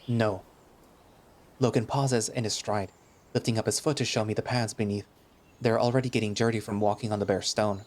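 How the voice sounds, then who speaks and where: A man's voice: fairly low pitch, a little mellow. A man narrating a visual novel in the first person, in a casual, chatty way that turns hesitant in dialogue.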